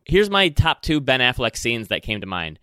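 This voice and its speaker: Bright, crisp man with a Michigan accent. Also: mid-range voice, sing-song, normal speed, dry recording, studio quality. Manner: opinionated, chatty film talk. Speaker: podcast co-host. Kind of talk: casual chat.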